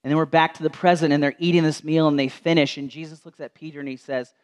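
A man preaching a sermon in a church, telling a story and dropping to slow, soft tones for quoted words. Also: on the high side, steady tone, clean tone, lo-fi sound.

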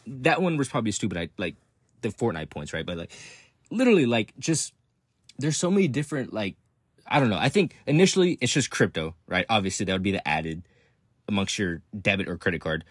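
A man's voice: mid-range voice, breathy edge, dry recording, studio quality. A young man from Texas, hosting a podcast, ranting casually with lots of swearing, rambling restarts and frequent laughs. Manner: profane, rambling, laughs often, swings up into excited outbursts. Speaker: podcast host.

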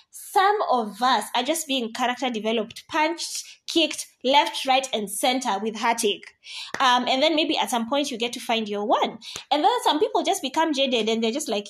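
Woman, 30s, podcast host; higher voice, casual and animated, quick asides and mock-quoted friends. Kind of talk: casual personal monologue.

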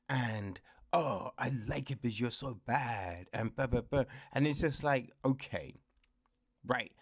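A young man speaking slowly and unhurriedly, chatting his way through a book review. His talk rambles and is full of laughs and acted-out quotes. The recording is dry and close, with no room sound. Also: mid-range voice, dry recording. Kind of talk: casual chat.

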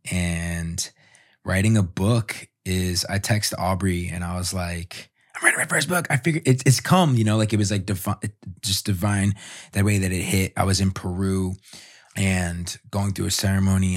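A man guest on a podcast, telling a personal story in a heartfelt, halting way with many restarts. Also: deep voice.

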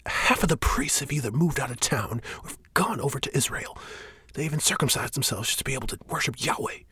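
A man's voice: medium pitch, quick pace, bright, forceful tone, husky, dry recording, voice pushed up. A man voicing an agitated, defiant male priest who argues heatedly and slips into raised whispers. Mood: heated defiance.

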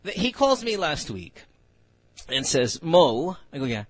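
Filipino guy on morning radio, animated voice, keeps laughing mid-story. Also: fairly high pitch, unhurried, dry recording. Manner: laughs often while telling stories. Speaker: radio host. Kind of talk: casual morning radio banter.

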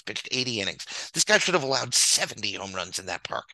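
A man's voice: fairly low pitch, lively intonation, normal speed, few pauses, bright, forceful tone, no echo, rough recording. A man hosting a show, ranting with theatrical mock anger over slides and repeating his points for emphasis. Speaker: host.

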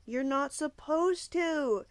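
A woman's voice: sits high, slow pace, pitched above the performer's own voice. A woman voicing an eager, chipper younger boy in a storybook reading. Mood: worried. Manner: chipper, earnest.

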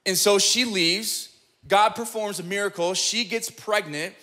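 A man's voice: high-pitched, a little slow, sharp tone. A man preaching a sermon, emphatic and conversational, often checking in with the congregation as he explains scripture. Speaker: pastor.

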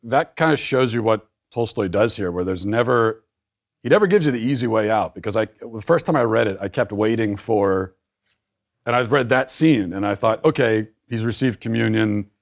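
A man with a fairly low voice, speaking at normal speed, is a guest in a casual book discussion. He's thoughtful, restarting phrases and repeating words as he works out and builds his points.

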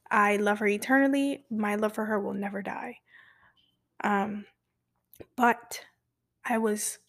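A young woman hosting a podcast, rambling confessionally through a personal story with many fillers, soft-spoken and slipping into whispers. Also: medium pitch, creaky. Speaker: podcast host.

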